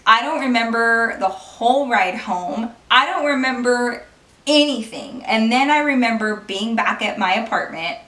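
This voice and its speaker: A young woman vlogger telling a personal story in a casual, animated way, swearing and laughing often. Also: fairly high pitch. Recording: roomy, distant from the mic.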